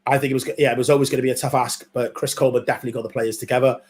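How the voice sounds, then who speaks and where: A man's voice: medium pitch, level tone, racing, darkish tone. A man from Wales co-hosting a live football watchalong, bantering playfully with his co-host and the viewers. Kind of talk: casual live match chat.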